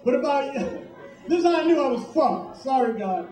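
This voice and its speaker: A man doing a stand-up comedy set in a club, profane and animated, talking with the crowd. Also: very high voice, moderate pace, soft background music. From Puerto Rico heritage, New York. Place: comedy club, live audience. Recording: echoey club from far off.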